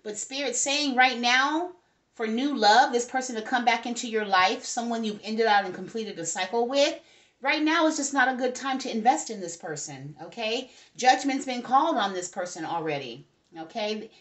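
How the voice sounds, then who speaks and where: A woman's voice: a little high, animated, normal speed, fairly bright tone. Chatty woman giving a tarot reading. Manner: chatty, talks to spirits and viewers, frequent "okay?". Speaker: tarot reader. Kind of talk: casual tarot reading to viewers.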